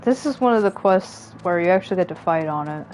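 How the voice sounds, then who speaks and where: A woman's voice: lowish voice, animated, a little fast, a little mellow, slight background noise, rough recording. A woman streaming a video game, chatting casually and joking about the story, laughing often. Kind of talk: casual gameplay commentary.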